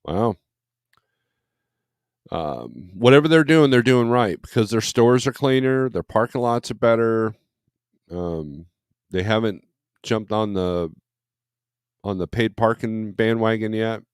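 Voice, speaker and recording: A man's voice: lowish voice, expressive, slow, pauses often, clear, resonant tone, dry recording, studio quality. A man who drives trucks, hosting a casual morning livestream, reading viewer comments aloud and rambling in a blunt, conversational way with many fillers. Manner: blunt and opinionated when griping.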